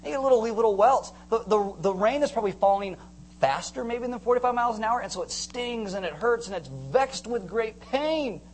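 A man preaching a sermon to a congregation, animated, acting out scenes and joking with the crowd. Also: high-pitched, brisk, slight background noise. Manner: animated, acts out screams and jokes with the congregation. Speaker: pastor.

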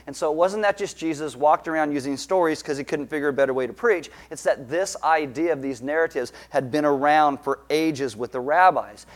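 Pastor, male, slightly high voice, playful and animated in the pulpit. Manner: jokey, animated storytelling with quick asides. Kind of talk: sermon.

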